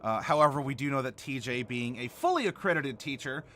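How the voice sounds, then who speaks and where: A man's voice: mid-range voice, expressive, a little fast, sharp tone, slight background noise. A man hosting a live stream, chatting casually and answering viewer comments while he builds a game character. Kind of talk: casual livestream chat.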